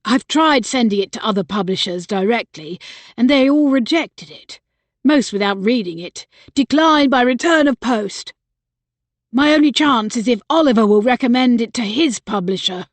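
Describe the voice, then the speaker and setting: A woman's voice: fairly high pitch, animated, normal speed, dry recording. A woman narrator voicing a bitter, agitated young man who raises his voice and insists on getting his way. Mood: insistent. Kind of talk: audiobook character voice.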